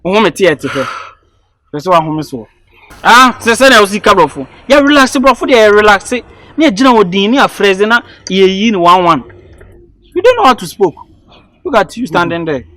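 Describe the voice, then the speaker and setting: A man's voice: high voice, moderate pace, fairly bright tone, no room sound. A man acting in a comedy sketch, teasing playfully and mixing English with Twi.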